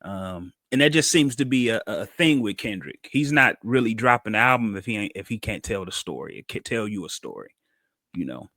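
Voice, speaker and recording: Animated man telling stories. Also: lowish voice, brisk, no room sound, studio quality. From Cincinnati, USA. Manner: animated storytelling, acts out quotes. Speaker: podcast co-host. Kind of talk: casual chat.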